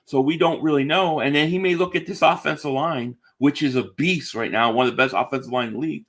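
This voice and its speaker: Man, sports podcast co-host, confident, emphatic, slightly high pitch. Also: fast, a bit bright. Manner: confident, emphatic, repeats words. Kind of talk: casual sports chat.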